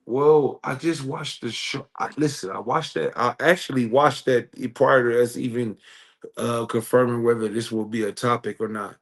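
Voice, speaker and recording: A man's voice: medium pitch, fairly even intonation, normal speed. Earnest man talking in circles. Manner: earnest, preachy, repeats himself. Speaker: podcast co-host. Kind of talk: casual chat.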